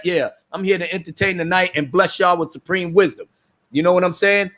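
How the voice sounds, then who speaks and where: A man hosting a livestream, ranting loudly in slangy casual commentary, often laughing and restarting his words. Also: a little high, normal speed. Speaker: livestream host.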